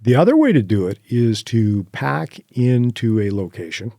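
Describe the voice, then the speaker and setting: A man as a podcast guest, telling animated hunting anecdotes with quoted asides and laughs. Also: mid-range voice, moderate pace, creaky, dry recording, studio quality. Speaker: podcast guest, horseback hunter. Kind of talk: casual interview storytelling.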